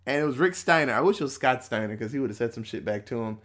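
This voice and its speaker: A man in his thirties, a podcast host, chatting casually and profanely, acting out bits in quick voices. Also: medium pitch, lively intonation, a bit bright. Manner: loose and profane, acts out quotes. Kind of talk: casual chat.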